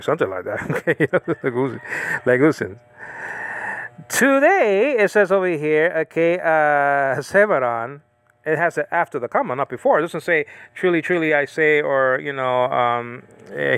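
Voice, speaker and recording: A man teaching the Bible in a casual, rambling monologue, often correcting himself and slowly reading out Greek words. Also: a little high, animated, a bit bright, no room sound.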